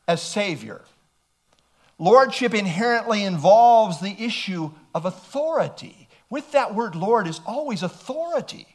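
A man preaching a sermon, emphatic and throwing rhetorical questions at his listeners. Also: sits high.

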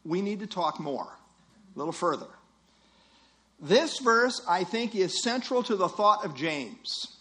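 High-voiced man preaching a sermon. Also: expressive, measured pace, sharp tone. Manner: earnest, emphatic teaching with rhetorical quotes.

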